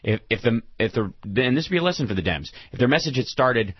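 A man's voice: medium pitch, lively intonation, fast talker, breathy edge, no room sound. Man co-hosting talk radio, pressing his points with many restarts; close dry sound, dull lo-fi quality. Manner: argumentative, restarts sentences when making a point. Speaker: radio show co-host. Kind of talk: political talk radio discussion. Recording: dry, muffled lo-fi broadcast audio.

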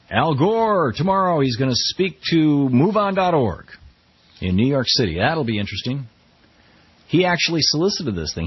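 A man's voice: mid-range voice, husky, no echo, dull audio. A middle-aged man hosting a radio talk show, giving wry, conversational commentary on the news. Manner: wry, conversational, quotes people in mock voices.

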